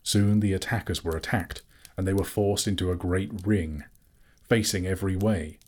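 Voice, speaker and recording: A man reading a fantasy novel aloud as an audiobook narrator, in measured, steady storytelling. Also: low voice, husky. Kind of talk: scripted narration.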